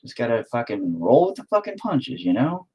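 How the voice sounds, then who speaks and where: A man talking casually to himself while he paints, swearing constantly, self-critical, dropping into mutters and then flaring up loudly. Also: mid-range voice, big pitch swings, moderate pace, husky. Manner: drops into whispers and mutters, then flares up loudly. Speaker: painting streamer.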